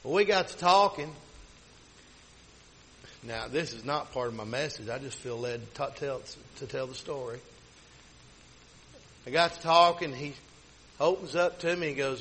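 A man's voice: medium pitch, normal speed, long pauses, a bit bright, rough recording. A middle-aged man, a pastor telling a personal story in a rambling, folksy sermon style. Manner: folksy, rambling with many restarts.

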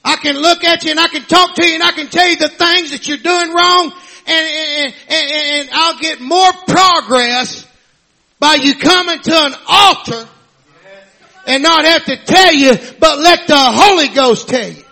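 Male preacher, very high and piercingly bright voice, fervent shouted sermon full of amens. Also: unhurried.

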